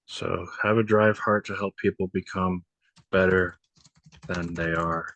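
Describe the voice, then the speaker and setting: A man's voice: sits low, fairly even intonation, a little slow, a bit bright, dull audio. A young man interviewing his former coach for a class, friendly and informal, reading questions off a list. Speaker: student interviewer. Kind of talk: casual interview.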